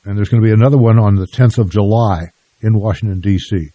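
Older man, radio host, measured, plain-spoken, low pitch, dry studio sound. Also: dark tone, no room sound. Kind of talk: radio interview.

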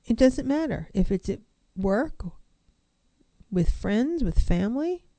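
A woman's voice: a little high, big pitch swings, slow pace, warm tone, dry recording. A woman counselor giving an earnest, reflective self-help talk, posing one rhetorical question after another.

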